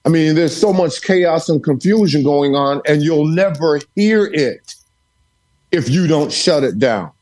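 A man's voice: a little high, expressive, a little slow, darkish tone. A man speaking from his home study as a podcast guest, telling stories with emphatic, sermon-like repetition. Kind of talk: storytelling interview.

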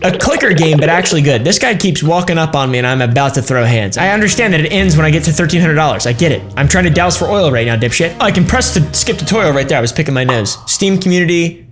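A man's voice: fairly high pitch, lively intonation, quick pace, few pauses, fairly bright tone. Crude joking young man gaming. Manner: crude, joking, swears often. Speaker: gaming YouTuber. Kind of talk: casual gaming commentary. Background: game music.

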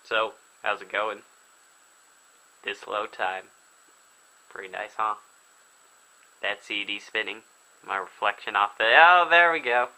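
A young man casually commenting on a video game as he plays, chatty and excitable. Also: fairly low pitch, slow pace, pauses often, rough recording. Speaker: gaming video host. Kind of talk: casual let's play commentary. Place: indoors at home, filming himself.

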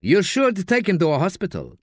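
A man's voice: high voice, wildly swooping pitch, brisk, dry recording, pitched above the performer's own voice. A man voicing a hard, resentful young man who talks down to a priest, in a dry audiobook reading. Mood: scornful. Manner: commanding, resentful. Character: hard, bitter young man, menacing nephew.

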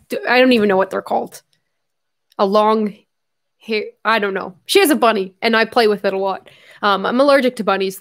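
A young woman hosting a casual livestream, emotional and tearful, swearing often as she reads viewer messages. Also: medium pitch.

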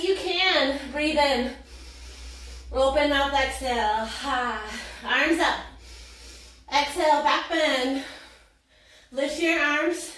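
A woman's voice: high-pitched, a bit bright, heavy reverb, distant mic. A woman fitness instructor leading a workout class, counting reps and cheering with whoops and laughs, out of breath.

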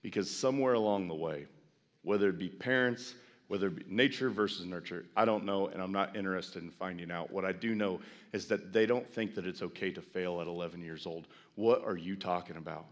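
A middle-aged man preaching a sermon as pastor, folksy with self-deprecating asides, building to loud, impassioned preaching. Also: low-pitched, brisk. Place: large church sanctuary. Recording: long church hall reverb.

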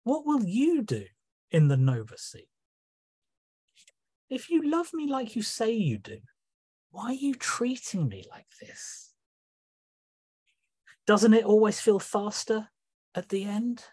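A man's voice: big pitch swings, measured pace, pauses often, a little mellow, heavily acted. A man voicing the sea god Neptune, reading a poem in character with a raised, reproachful, questioning delivery over a video call from a room at home. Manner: questioning, reproachful, rising pitch.

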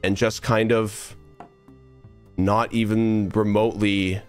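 A man's voice: on the low side, level tone, takes it slowly, soft background music. Earnest young man rambling on stream. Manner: rambling, earnest, many restarts and trailing asides. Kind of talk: casual live-stream monologue while gaming.

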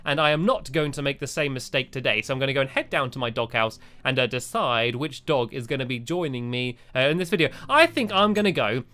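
A young man giving cheerful, excitable commentary while playing a game and chatting to a friend and to his viewers. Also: mid-range voice, fairly quick, hardly any pauses. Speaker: gaming video host. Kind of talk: playful let's-play commentary.

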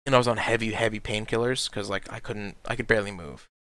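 A man's voice: on the low side, fairly even intonation, quick pace, fairly bright tone, clear, resonant tone, dry recording. Young man, podcast host, casual rambling story, lots of swearing, dry close sound. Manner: rambling storyteller, swears a lot, laughs at himself. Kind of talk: casual chat.

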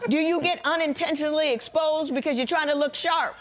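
A woman's voice: sits high, fairly quick. A woman judge presiding over a TV courtroom, asking probing questions with dry humor. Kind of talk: courtroom TV hearing.

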